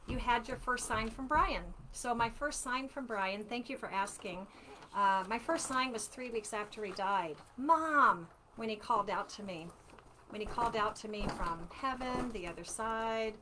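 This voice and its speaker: Woman, 60s, slightly high voice, chatty livestream storyteller, faint room noise. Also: a little slow. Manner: chatty and animated, warm with viewers. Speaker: author hosting a live book launch. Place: at home.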